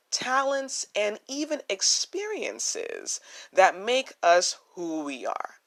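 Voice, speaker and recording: A young woman with a naturally low voice, hosting a solo podcast, earnest and reflective, often repeating her phrases for emphasis. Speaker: podcast host.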